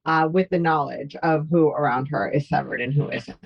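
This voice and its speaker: A woman's voice: low-pitched, moderate pace, gravelly, breathy edge, dry recording. Dull-sounding woman co-hosting a podcast. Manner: brief, agreeable replies. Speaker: podcast co-host. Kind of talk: casual recap chat.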